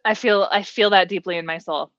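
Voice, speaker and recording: A woman's voice: mid-range voice, fairly even intonation, brisk, a bit bright, no echo, muffled recording. A woman on a live show telling a story in a candid, rambling way from a bedroom at home. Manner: candid, rambling, swears lightly. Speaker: regular co-host.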